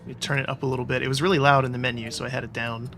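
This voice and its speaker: A man talking casually over a game he plays, tossing in sarcastic jokes. His voice is bright and forward. Game music runs faintly underneath. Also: mid-range voice, level tone, very fast. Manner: joking, sarcastic asides. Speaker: gaming YouTuber. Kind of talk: casual let's-play commentary. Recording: game audio with music behind.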